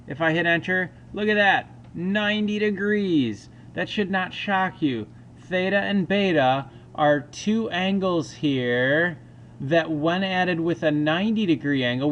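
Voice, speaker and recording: A man's voice: a little high, a little hiss or hum. A man teaching a recorded math lesson, talking through each step aloud with casual asides.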